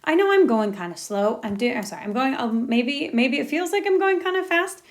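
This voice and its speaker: A woman's voice: sits high, very animated, brisk. A woman teacher walking through a recorded lesson step by step, upbeat and encouraging.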